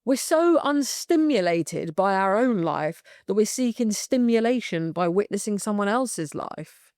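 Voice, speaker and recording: A young woman with a British accent hosting a candid solo podcast, swearing freely and talking in an animated way with bursts of laughter. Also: medium pitch, a little slow, dry recording, studio quality. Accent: British English. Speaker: podcast host.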